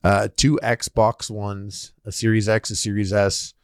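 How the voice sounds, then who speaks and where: A man talking as a guest in a casual podcast chat, telling stories in an animated way with plenty of swearing. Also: lowish voice, a little slow, clear, resonant tone, dry recording, clean studio sound. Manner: animated, profane storyteller.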